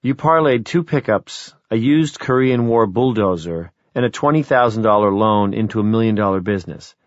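A man's voice: fairly low pitch, expressive, moderate pace, dry recording, natural voice. A man voicing an insistent grown daughter. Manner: coaxing, persistent. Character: young adult daughter, earnest and insistent. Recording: dry, dull lo-fi audio.

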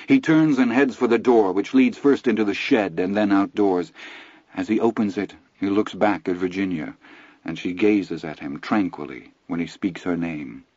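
A man narrating a novel aloud in a measured, even storytelling delivery. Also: low voice, no room sound, highs cut off. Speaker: audiobook narrator. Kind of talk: scripted narration.

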